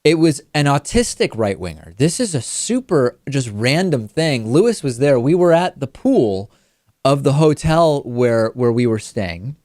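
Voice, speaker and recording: A man's voice: mid-range voice, sing-song, a little slow, a little mellow, dry recording. Man, talk show host, casual anecdote, frequent restarts, dry close sound. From Massachusetts.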